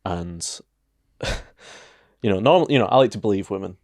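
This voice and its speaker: A man's voice: low-pitched, animated, moderate pace, darkish tone, no echo, studio quality. A man co-hosting a podcast, telling an anecdote in casual chat with wry, sarcastic asides. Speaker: podcast co-host.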